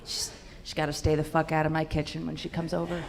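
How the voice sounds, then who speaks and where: A woman's voice: low-pitched, monotone, quick pace, vocal fry, slight background noise. Brash, profane young woman comedian. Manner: brash, profane, punchy delivery. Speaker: stand-up comedian. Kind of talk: stand-up set. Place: comedy club stage.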